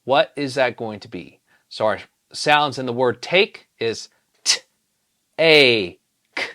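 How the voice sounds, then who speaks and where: A teacher walks young learners through a spelling lesson. The pace is unhurried, with each sound drawn out patiently. The pitch rises and falls in a lively, sing-song way. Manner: sounds out letters slowly and patiently. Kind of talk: phonics lesson.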